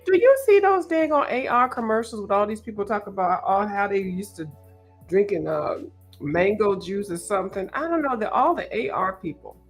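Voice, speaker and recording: Woman livestream host, playful and talkative, easy mid pitch, soft music bed. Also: expressive, normal speed. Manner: chatty, joking, talks straight to viewers. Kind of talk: casual livestream chat. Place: at home.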